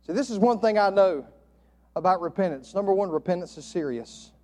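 A man preaching a sermon from the pulpit, quoting old scripture and swinging from loud emphatic lines to soft, hushed ones. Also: sits high, lively intonation, fairly quick. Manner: quotes King James scripture. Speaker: pastor.

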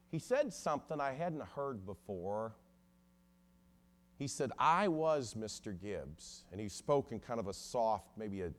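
Lower-voiced man telling a sermon story. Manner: storytelling with sudden swells and drops in loudness. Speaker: ministry lawyer preaching.

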